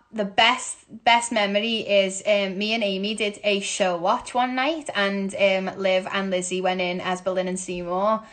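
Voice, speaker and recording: A young woman with a Liverpool accent chats away into her phone camera. She is bubbly and quick to mock herself, answering fan questions with frequent laughs in a loose, casual way. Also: mid-range voice, fairly bright tone. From Liverpool, England. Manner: chatty, bubbly, self-mocking, laughs often. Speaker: musical theatre actress. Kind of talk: casual Q&A chat.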